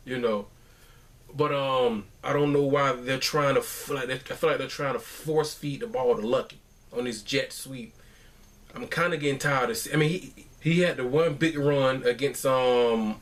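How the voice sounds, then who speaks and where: A man talking through a football game at home in a loose, rambling way. He sounds exasperated and keeps restarting his sentences. His pitch sits in the middle of the range. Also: fairly bright tone. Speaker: fan commentator. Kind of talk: casual sports recap.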